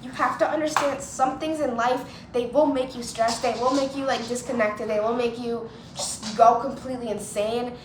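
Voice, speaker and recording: Chatty young woman, high voice, echoey room. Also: fairly even intonation, normal speed. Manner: chatty, lots of "like", acts out quoted voices. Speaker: vlogger. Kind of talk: casual storytelling to camera. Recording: echoey room with clear ambient noise.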